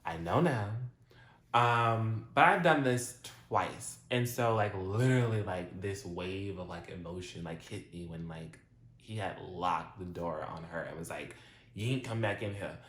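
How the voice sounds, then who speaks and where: A man's voice: low-pitched, measured pace, fairly bright tone. A man giving a casual recap of a TV episode in a chatty, slangy way, full of "like". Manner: chatty retelling, heavy use of "like" and slang. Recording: roomy echo.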